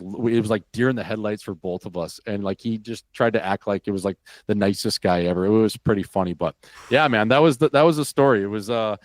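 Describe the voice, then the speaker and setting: Low-voiced, profane man telling a story. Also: no room sound. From Wisconsin. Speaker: podcast guest, former hockey player. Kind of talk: casual storytelling.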